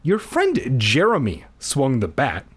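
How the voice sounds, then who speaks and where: A man voicing a whiny, taunting bratty girl in a storybook reading, with a husky voice. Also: medium pitch, wildly swooping pitch, slow pace, exaggerated voice. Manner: whining, taunting. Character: whiny bratty girl, big sister type.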